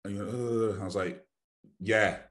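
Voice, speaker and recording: A man with a Glaswegian Scottish accent rambles through a story in casual podcast chat. His voice sits fairly low. He swears freely and slips into the voices of the people he describes. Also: moderate pace. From Glasgow, Scotland. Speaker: podcast co-host.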